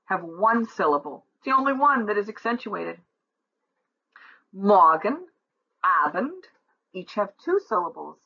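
A woman's voice: lowish voice, pushed and bright, husky, muffled recording. A woman teaching German from a textbook, patiently explaining each exercise step by step. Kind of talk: textbook lesson walkthrough.

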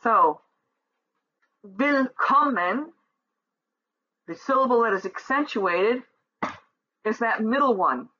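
A woman walks learners through a German textbook exercise, speaking slowly and patiently. Her voice is bright and a little husky. The recording sounds dull and lo-fi. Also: fairly high pitch, expressive. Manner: patient, explains step by step. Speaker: German teacher. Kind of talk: textbook lesson walkthrough.

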